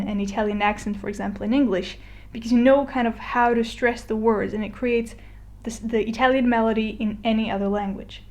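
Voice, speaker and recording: A woman giving a casual explainer lesson, chatty with fillers and restarts, slowing down to model words. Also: a little high, a little mellow. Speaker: Spanish teacher. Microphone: voice-over on a screen recording.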